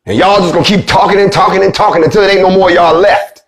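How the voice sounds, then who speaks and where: A man delivering a fiery, profane monologue, swinging between loud outbursts and low, grave preaching. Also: fairly even intonation, fast. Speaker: movement leader giving a speech.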